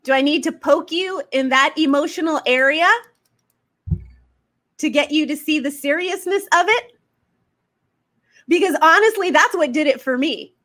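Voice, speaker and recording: A woman's voice: high voice, moderate pace, pauses often, fairly bright tone. A woman business coach giving an emphatic, preaching-style motivational talk full of fiery rhetorical questions. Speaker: faith-based business coach.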